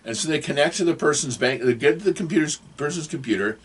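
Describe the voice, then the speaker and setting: A man's voice: on the high side, expressive, quick pace, breathy edge. An older man giving advice in a casual, rambling, digressive monologue to camera.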